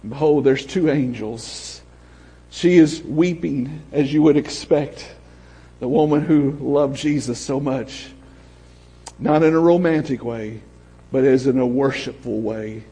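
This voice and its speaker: A man preaching a sermon as pastor, swinging from shouts down to hushed storytelling. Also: mid-range voice, measured pace, slightly rough. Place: church sanctuary. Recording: long hall reverb.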